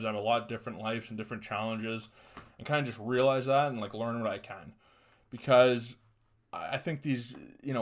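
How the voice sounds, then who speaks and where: A young man hosting a podcast, talking bluntly and casually, rambling with profanity and mocking asides. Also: medium pitch. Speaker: podcast host. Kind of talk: casual solo commentary.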